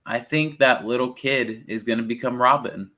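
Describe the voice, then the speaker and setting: A young man co-hosting a casual movie review chat, rambling and excitable, with the odd swear word. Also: medium pitch, moderate pace. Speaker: podcast co-host.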